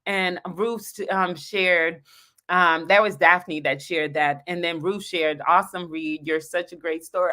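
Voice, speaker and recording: A woman's voice: fairly low pitch, measured pace, pushed and bright. A woman pastor reading a heartfelt dedication from her own book on a livestream, talking directly to her viewers.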